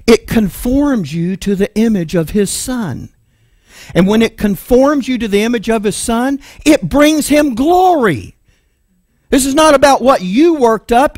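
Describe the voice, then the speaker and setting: A man's voice: very high-pitched, a little mellow, no room sound, studio quality. A man with a Texan accent preaching a sermon, emphatic and full of rhetorical questions. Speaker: pastor.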